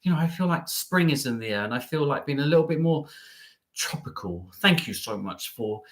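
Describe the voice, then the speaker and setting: A man's voice: expressive, fairly quick, a bit bright. Cheeky guy doing a live travel stream, chatty and bouncy, voice jumps around. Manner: cheeky, bubbly, jumps up and down in pitch.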